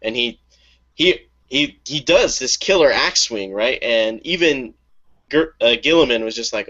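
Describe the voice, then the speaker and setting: A man's voice: mid-range voice, expressive, a little slow, sharp tone, lo-fi sound. A man co-hosting a casual webcast, enthusiastically retelling a story and acting out the quotes.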